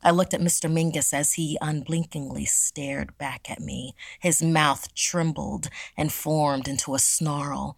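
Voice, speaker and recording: A woman narrating a scripted horror story in a measured, dramatic way. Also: low-pitched, creaky, dry recording.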